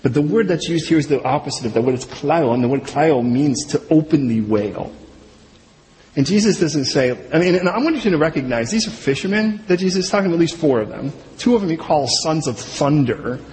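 A middle-aged man preaching a sermon, telling the story with humor and acting out the people he quotes. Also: a little high. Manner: animated, jokey storytelling with quick voiced asides. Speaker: pastor. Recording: long hall reverb, faint room noise.

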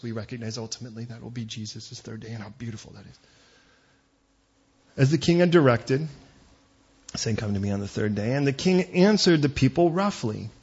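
Husky pastor man, joking sermon asides. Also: medium pitch, lo-fi sound. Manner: conversational, joking asides, quick digressions.

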